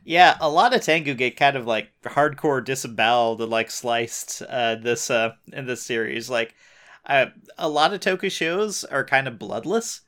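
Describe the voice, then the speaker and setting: A man's voice: mid-range voice, normal speed, fairly bright tone. A young man co-hosting a casual show recap, dropping lots of uh fillers and teasing his co-host. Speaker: podcast co-host.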